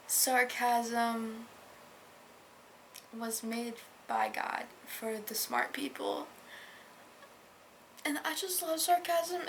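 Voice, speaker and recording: A woman vlogger gushes over a book in a relaxed, unhurried reaction chat. Her voice sits a little high, and she sometimes drops into quiet whispered asides. A faint hum of background noise sits under her voice. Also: rough recording. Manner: gushing and enthusiastic, with soft whispered asides. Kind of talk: casual reading-reaction chat.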